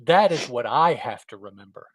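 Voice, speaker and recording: A man's voice: medium pitch, expressive, moderate pace, no room sound. A middle-aged man co-hosting a podcast, chatting in an easygoing, reflective way. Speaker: podcast co-host. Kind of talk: casual chat.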